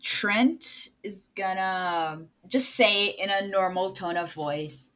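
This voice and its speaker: A woman playing a tabletop role-playing game, expressive and swearing freely. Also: medium pitch, takes it slowly, hardly any pauses. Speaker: player.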